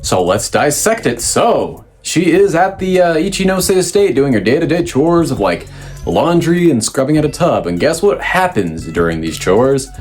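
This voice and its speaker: A man hosting a casual manga review, rambling with fillers and restarts and jumping up in pitch when he quotes characters. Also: normal speed, faint music behind. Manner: lively, pitch jumps up when quoting characters. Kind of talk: casual recap commentary.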